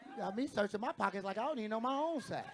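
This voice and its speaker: A brash stand-up comedian, a man with a high, gravelly voice. He swears freely and acts out the people in his stories on a comedy stage, speaking into a handheld mic. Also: animated, rapid-fire, a crowd in the background, noisy background. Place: comedy stage with live audience.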